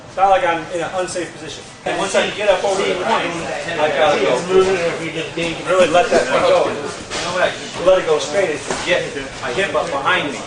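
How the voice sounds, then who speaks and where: A man teaching a martial arts move in a lively, demonstrative way, with sound effects, recorded from a distant camera. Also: high voice, a little fast. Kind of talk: casual instructional demonstration. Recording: echoey gym from far off with crowd.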